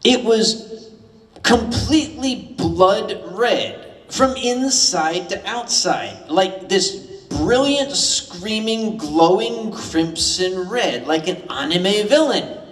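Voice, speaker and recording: Animated older American man telling stories in a hall. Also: high voice, slow pace. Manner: animated, wry, profane humor. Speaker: storyteller at a live convention event. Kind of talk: live comedic storytelling. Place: large convention hall with audience. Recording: echoey hall from far off.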